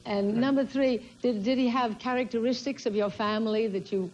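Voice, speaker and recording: A woman's voice: on the high side, fairly even intonation, normal speed, darkish tone, slight background noise, low-quality recording. A woman on a game show panel, asking polite, hesitant questions.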